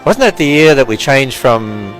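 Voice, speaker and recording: A man's voice: medium pitch, sing-song, moderate pace, a bit bright, soft background music, poor audio. Chatty older Australian man giving a tour. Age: 60s. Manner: chatty, jokey, laughs often. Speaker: ministry president giving a tour. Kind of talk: casual chat with visitors. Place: walking through a building and outdoors.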